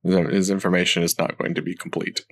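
A man playing a tabletop game, blunt and quick to object, with the odd swear word. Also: low voice, flat delivery. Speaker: player. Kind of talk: casual tabletop chat.

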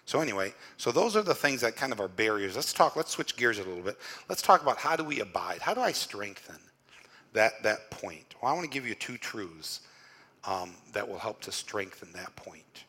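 Pastor guy giving a sermon, kinda low but bright voice, lots of "you know", big churchy reverb. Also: sing-song, normal speed, husky. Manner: conversational, often repeats words and says "you know". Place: church during a worship service.

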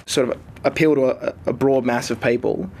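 Flat, earnest man in an interview. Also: medium pitch, moderate pace, slight background noise. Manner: earnest, reflective.

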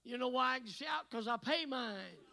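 Revival preacher, man, very high bright voice, hushed asides then shouting. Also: animated, moderate pace, gravelly, poor audio. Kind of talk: revival sermon.

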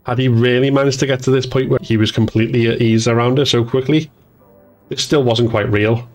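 Measured male audiobook narrator. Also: medium pitch, fairly even intonation, darkish tone.

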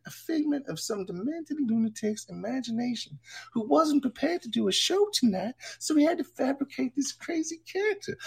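A brash, campy woman producer, put on by a man on a livestream, with a high teasing falsetto. The voice swoops and jumps about lively, with a gravelly, husky edge to it. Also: exaggerated voice. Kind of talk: livestream character bit.

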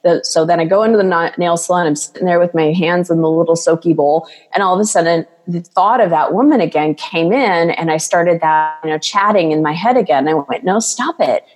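A woman's voice: fairly low pitch, brisk, hardly any pauses, a little mellow. Earnest woman coach in a reverberant room. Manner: earnest, storytelling with many fillers. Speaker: guest coach. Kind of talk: conversational podcast interview.

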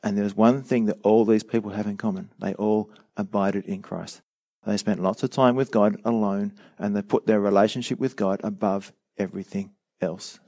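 A man's voice: on the low side, dark tone, dry recording. Earnest male pastor, dry close sound. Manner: earnest, measured, with dry sarcasm. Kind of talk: sermon.

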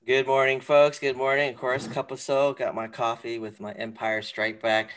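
A man co-hosting a podcast, chatting casually and giving animated opinions full of fillers and restarts. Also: medium pitch, moderate pace, slight background noise. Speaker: podcast co-host. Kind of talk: casual chat.

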